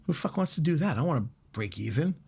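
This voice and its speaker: A middle-aged man, a guest chef, talking bluntly and telling animated stories in a casual podcast chat. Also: fairly high pitch, fast talker, gravelly, husky. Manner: blunt, animated storytelling with swearing.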